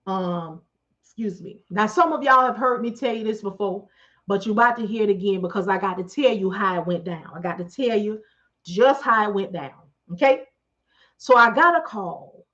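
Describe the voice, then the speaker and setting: A middle-aged woman telling a story casually on her livestream, chatty and animated, calling out questions to her viewers. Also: medium pitch, normal speed. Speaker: livestream host. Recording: dull lo-fi stream audio.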